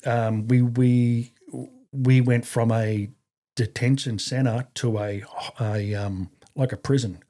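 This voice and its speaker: A man's voice: medium pitch, fairly even intonation, slow pace, warm tone. A man in his fifties with an Australian accent, an army veteran guest telling stories casually, rambling with fillers and casual swearing. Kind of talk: casual storytelling in an interview.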